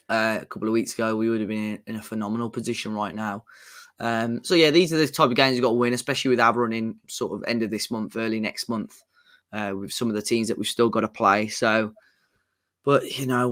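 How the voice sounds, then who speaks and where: Man chiming in on football chat. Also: mid-range voice. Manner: interjects often with short agreements. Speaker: podcast co-host.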